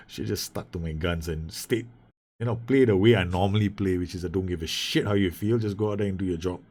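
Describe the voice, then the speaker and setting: In a low, somewhat dark voice, a gaming YouTuber chats his way through a football management game in relaxed Let's Play style. He speaks to his players and swears and laughs whenever the match turns.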